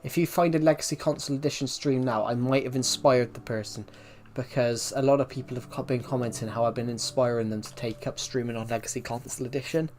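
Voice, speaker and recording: A man's voice: mid-range voice, steady tone, quick pace, hardly any pauses, a little mellow, a little hiss or hum. A man streaming a game live, talking to his chat in a rambling way and repeating himself as he answers viewers' questions. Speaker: livestreamer.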